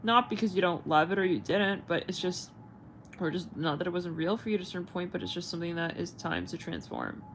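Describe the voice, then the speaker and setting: Rambling low-voiced woman tarot host. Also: animated, brisk, slight background noise, rough recording. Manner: rambling, searching for words, frequent fillers and swearing. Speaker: tarot reader and channel host. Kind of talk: casual livestream chat.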